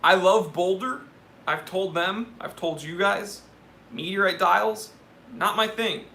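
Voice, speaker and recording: A man's voice: sits high, takes it slowly, gravelly, sharp tone, a little hiss or hum. A young man hosting a live watch Q&A stream, reading viewer questions and giving candid, joking opinions.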